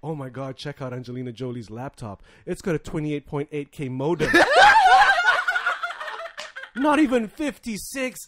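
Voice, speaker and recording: A man's voice: on the high side, lively intonation, normal speed, pauses often, very noisy. A man telling stories in casual chat, swearing a lot and laughing through his lines.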